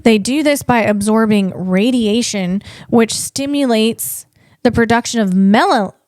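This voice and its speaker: A woman comedian hosting her own podcast, reading facts and breaking off into playful riffs. Her voice sits fairly high, and she talks slowly, tripping over tricky words. The sound is dry and close. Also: a little mellow, dry recording. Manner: playful, riffing asides, stumbles on hard words. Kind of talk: solo comedic podcast monologue.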